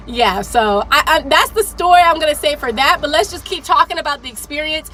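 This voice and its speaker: Young woman in her 20s vlogging, high voice, chatty, curses and laughs a lot. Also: moderate pace, faint music behind, low-quality recording. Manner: animated, profane, laughs often. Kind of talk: casual storytelling to camera.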